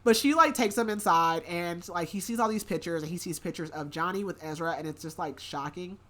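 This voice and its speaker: A woman's voice: on the low side, brisk, a bit bright. A woman hosting a book podcast, casually recapping a story in a rambling way with many filler words.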